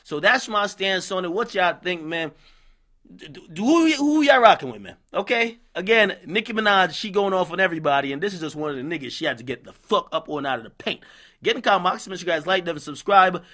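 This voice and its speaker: Brash guy ranting casually, high-pitched and kinda sharp, swears a lot. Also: fairly quick. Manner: profane, blunt and excitable. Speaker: gossip commentator. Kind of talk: casual commentary reading out posts.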